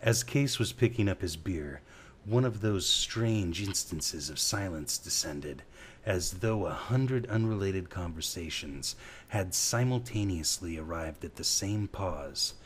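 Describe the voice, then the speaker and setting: A man reading a novel aloud as an audiobook narrator, in a slow, measured way. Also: deep voice, lively intonation, a little hiss or hum. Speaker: audiobook reader.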